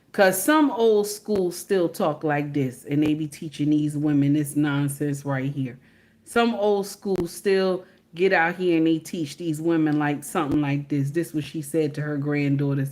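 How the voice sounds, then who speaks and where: A woman's voice: low voice, a little slow, darkish tone. A woman giving emphatic, preachy casual commentary to her viewers, repeatedly checking in with "okay?".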